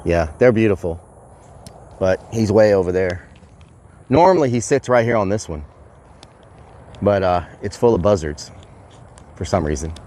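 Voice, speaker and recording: A man livestreaming outdoors, chatting excitably to his viewers and calling them y'all. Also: low-pitched, moderate pace, pauses often, a little hiss or hum. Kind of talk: casual outdoor livestream chat. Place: outdoors at a rural property.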